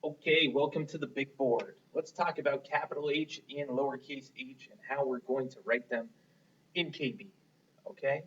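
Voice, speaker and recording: A man's voice: mid-range voice, steady tone, normal speed, a bit bright, lo-fi sound, a little hiss or hum. A man teaching a phonics lesson to young children, patient and encouraging, asking them to repeat words after him. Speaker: kindergarten teacher.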